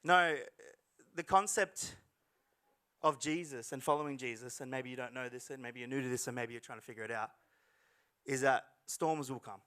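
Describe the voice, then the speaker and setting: A male pastor preaching a lively, dramatic sermon to a church congregation, with jokey asides and voices he acts out. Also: mid-range voice, moderate pace. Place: church service hall.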